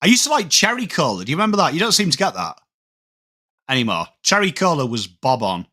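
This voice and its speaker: Bloke, high bright voice, casual live-stream footy commentary, chats to viewers between plays. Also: male voice, fast talker. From England. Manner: chatty, reads out viewer comments, rises excitedly on plays. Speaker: watchalong streamer. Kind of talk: live game commentary mixed with chat.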